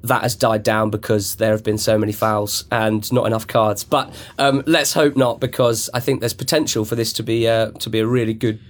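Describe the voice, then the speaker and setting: A man's voice: fairly low pitch, fairly even intonation, normal speed, hardly any pauses. A man on a football panel in a studio, talking eagerly and enthusiastically in long runs. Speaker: pundit guest. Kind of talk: casual football chat.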